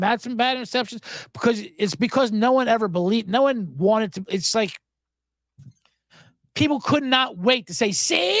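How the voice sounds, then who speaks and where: A man's voice: sits high, no echo, clean studio sound. A man hosting a sports betting podcast alone, talking casually in a sarcastic, profane way and laughing often. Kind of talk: casual solo podcast talk.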